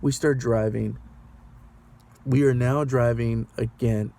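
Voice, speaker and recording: Guy driver rambling thru a sketchy ride story, warm low-key tone, keeps asking what would you do. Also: steady tone, unhurried, pauses often. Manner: rambling, anxious, asks the viewer rhetorical questions. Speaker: rideshare driver. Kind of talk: casual storytelling vlog.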